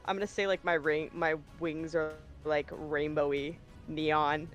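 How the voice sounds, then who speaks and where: A woman's voice: low-pitched, little pitch movement, unhurried, soft background music. A young woman playing in a tabletop game, chatting in a somewhat flustered way as she describes her character's actions. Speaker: player. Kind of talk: casual chat at a tabletop game.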